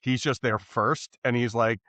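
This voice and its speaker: A man co-hosting a podcast in casual chat, animated and quick to act out quoted exchanges. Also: medium pitch, no room sound. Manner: animated, laughs often, acts out quotes. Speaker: podcast co-host.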